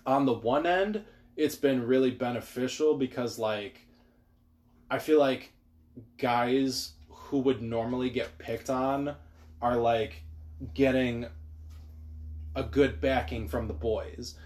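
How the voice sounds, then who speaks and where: A man's voice: mid-range voice, takes it slowly, long pauses, a little mellow. A young man co-hosting a podcast in crude casual chat, rambling and swearing, with lots of likes. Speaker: podcast co-host.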